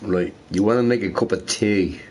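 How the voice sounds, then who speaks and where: A young man rambling casually while streaming a game, swearing freely and telling stories in an animated way. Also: on the low side, normal speed. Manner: profane, rambling, animated storytelling. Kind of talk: casual rambling chat over gameplay.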